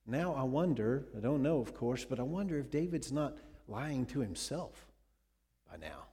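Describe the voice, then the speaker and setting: Male preacher, sermon storytelling, dramatic, asks listeners questions, mellow voice, long hall echo. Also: medium pitch, normal speed.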